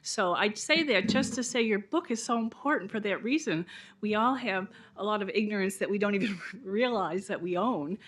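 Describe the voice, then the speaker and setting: A woman's voice: medium pitch, moderate pace, a bit bright. A woman in the audience making an earnest, thankful comment to an author at a bookstore talk. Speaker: audience member. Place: bookstore event room.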